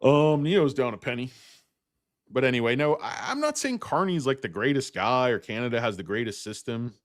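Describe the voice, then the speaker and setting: A man hosting a stock market livestream, ranting bluntly and profanely while answering chat, with loud outbursts and low muttered asides. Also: very animated, normal speed, no room sound, studio quality.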